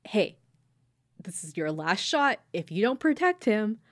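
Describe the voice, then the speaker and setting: A woman's voice: medium pitch, sing-song, a little slow, no room sound. A brash, threatening young man who snarls out swaggering warnings, as a woman podcaster puts him on. He speaks in a middle register, close and dry, with no room sound. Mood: menacing. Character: brash, threatening young male alter ego.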